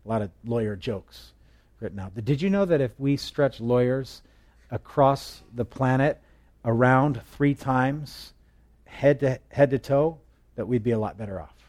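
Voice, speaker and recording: This Bible teacher speaks unhurriedly, his medium-pitched voice a little mellow. He talks through the passage like a conversation, quizzing listeners and joking along the way.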